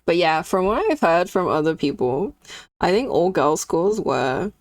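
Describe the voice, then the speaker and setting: A woman's voice: lowish voice, big pitch swings, measured pace, no echo. A young woman streaming while she draws, chatting candidly and reacting to her chat. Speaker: streaming artist.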